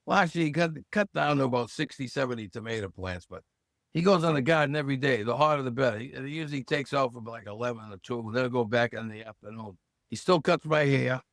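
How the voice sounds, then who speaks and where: A man around seventy from Massachusetts, a podcast guest who tells lively stories and acts out the voices he quotes. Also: mid-range voice, quick pace, vocal fry, dry recording, studio quality. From Hull, Massachusetts. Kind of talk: casual storytelling interview.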